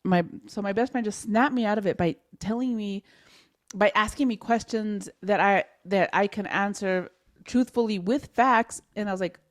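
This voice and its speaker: A young woman co-hosting a podcast, telling a personal story in a candid, animated way, with many restarts and the odd Spanish word. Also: mid-range voice, normal speed. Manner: animated, restarts often, mixes in Spanish words. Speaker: podcast co-host.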